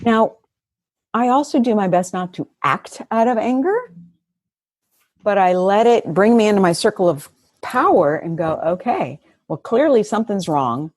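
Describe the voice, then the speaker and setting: A woman therapist, a guest on an interview podcast, telling stories in an animated way and laughing often. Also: medium pitch, moderate pace, long pauses, no echo. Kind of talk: conversational storytelling.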